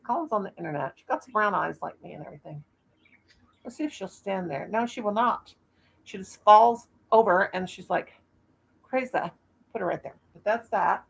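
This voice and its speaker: A woman's voice: medium pitch, expressive, moderate pace, vocal fry, husky. A woman in her fifties hosting a casual live stream, rambling in a folksy way and laughing at herself. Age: 50s.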